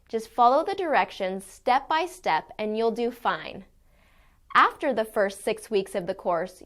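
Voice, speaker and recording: A woman teaching an English pronunciation course, speaking in a clear, deliberate way as she models sounds. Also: a little high. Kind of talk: scripted lesson.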